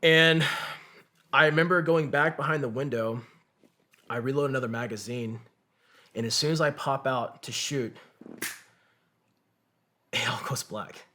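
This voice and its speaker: A male combat veteran tells his war story as a podcast guest, speaking in a mid-range, pushed, bright voice at an unhurried pace with long pauses. His storytelling is vivid and profane, he swears freely, and he acts out what other people said in this conversational telling.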